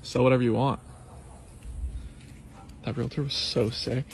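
A man in a comic skit, talking in a gruff, laid-back way. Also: mid-range voice, level tone, a little slow.

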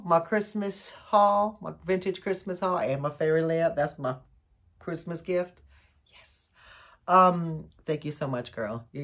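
Gushing low-voiced woman. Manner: gushing, excitable, says y'all a lot. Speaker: vlogger showing a haul. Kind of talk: casual chat to camera.

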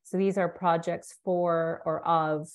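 A woman's voice: on the low side, flat delivery, takes it slowly, dull audio. A woman presenting a funding workshop over a video call, explaining in a loose, conversational way. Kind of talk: webinar presentation.

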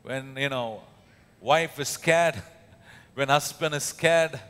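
A man's voice: medium pitch, slow pace, a bit bright, clean tone. A man with an Indian accent preaching a sermon as pastor, emphatic, with many fillers and rhetorical questions. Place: church hall. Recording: echoey church hall.

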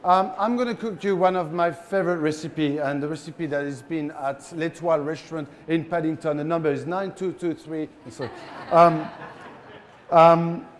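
A chef with a French accent runs a live cooking demo in front of a big crowd. He's playful and teasing with the audience, and his man's voice sits a little on the high side. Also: steady tone, normal speed.

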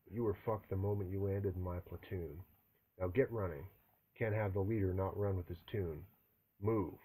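A man reading the part of a gruff, foul-mouthed, menacing drill sergeant in a barking voice. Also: sits low, steady tone, moderate pace, poor audio. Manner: barking, profane, forceful delivery.

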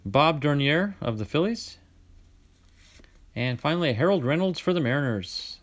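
A man hosting a casual card-opening video, reading out player names in a chatty way, with sudden bursts of excitement. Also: fairly high pitch, normal speed. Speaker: card-collecting channel host.

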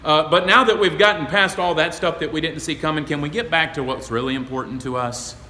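Folksy, emphatic pastor preaching in a hall. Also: male voice, a little high, fairly quick, a little hiss or hum. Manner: folksy, emphatic preaching that builds to loud exclamations. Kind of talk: sermon. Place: church sanctuary. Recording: echoey, reverberant hall.

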